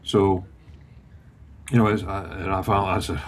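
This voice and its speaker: A man's voice: low voice, fairly even intonation, normal speed, husky. A man in his fifties from Florida, telling a personal story in a casual chat and acting out the voices of the people in it. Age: 50s. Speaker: guest.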